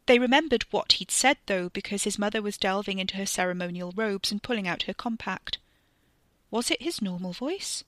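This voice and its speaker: A woman reading a serialized story aloud with expressive, tense narration. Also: mid-range voice, dry recording. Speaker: reader.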